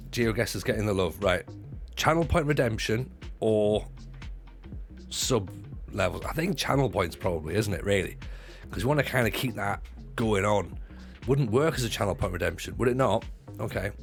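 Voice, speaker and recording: A low, gravelly man bantering with his chat on a livestream, joking like the comic he once was. He swears freely and stumbles over restarts, with soft music under him. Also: lively intonation, moderate pace. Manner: jokey, chatty, stops and restarts, swears freely. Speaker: livestreamer and former stand-up comic. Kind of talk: casual livestream chat with viewers.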